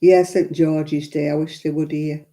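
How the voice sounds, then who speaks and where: A frank, chatty Englishwoman hosts a live crafting stream, answering her viewers' comments as she goes. Her voice is very dark and mellow. She laughs easily and speaks her mind. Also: sits low, flat delivery, unhurried. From England. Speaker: crafting livestream host. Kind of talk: chatty livestream talk.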